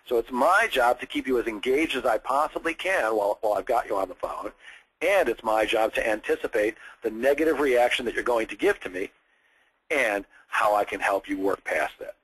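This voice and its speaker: A man's voice: medium pitch, lively intonation, brisk, a bit bright, breathy edge, poor audio. A man coaching a student on phone sales scripts, explaining step by step with direct examples. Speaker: sales trainer.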